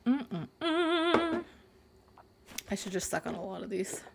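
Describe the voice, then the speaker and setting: Playful gravelly woman streamer. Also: on the low side, little pitch movement, fast, background noise. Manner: playful, sarcastic, innuendo jokes. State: burnt mouth. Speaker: livestream gamer host. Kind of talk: casual live-stream chat with viewers.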